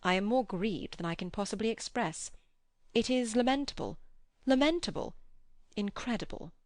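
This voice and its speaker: A woman's voice: medium pitch, animated, moderate pace, a little mellow, no room sound, clean studio sound, natural voice. Woman reading as a stern clergyman, proper, clipped, cold.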